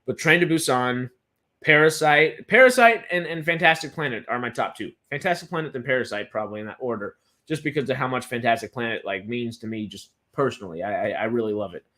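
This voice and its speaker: A man's voice: medium pitch, fast, sharp tone. A young man with an ordinary mid-range voice co-hosts a film news stream in a casual chat. He rambles enthusiastically, stumbling over repeated words and restarting his sentences. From Texas.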